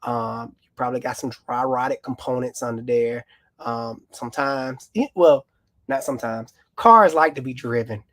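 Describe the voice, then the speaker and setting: A man co-hosting a live car question show as the mechanic. He explains at length in a folksy, easygoing way. The sound is dry and close, and his pitch sits at an ordinary middle height. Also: normal speed, fairly bright tone, no room sound. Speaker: mechanic, co-host. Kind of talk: casual live Q&A on cars.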